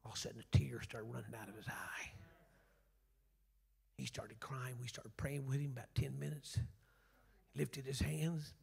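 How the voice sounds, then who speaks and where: A man, preaching a revival sermon and telling a story, swinging from shouts down to near-whispers. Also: medium pitch, steady tone, normal speed, gravelly, long pauses, slightly rough. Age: 60s. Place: church sanctuary.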